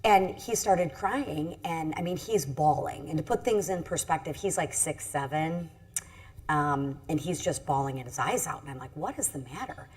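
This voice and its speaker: Husky, low-voiced woman, earnest and halting. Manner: earnest, halting, many restarts. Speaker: congresswoman on a panel. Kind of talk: personal story at a panel discussion. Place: event stage.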